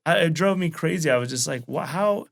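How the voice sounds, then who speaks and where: A male stand-up comedian from Wyoming, telling profane, animated stories in a casual chat. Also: on the high side, fast, creaky.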